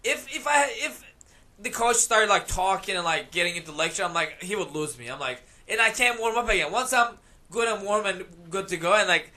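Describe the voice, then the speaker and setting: A man's voice: sits high, expressive, fairly quick, sharp tone. A man who fights professionally, chatting as a podcast guest in a rambling way with lots of fillers and laughter. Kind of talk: casual chat.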